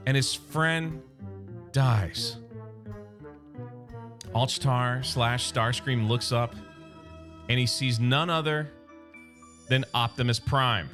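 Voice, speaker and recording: A man casually recapping a comic book story, chatty and excitable, acting out the characters' lines as he goes. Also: mid-range voice, slow pace, long pauses, music in the background.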